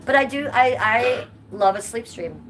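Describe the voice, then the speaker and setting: A woman's voice: fairly high pitch, lively intonation, unhurried. Chatty woman live streamer, noisy background. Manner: chatty, reads chat aloud and answers viewers. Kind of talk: casual live-stream chat.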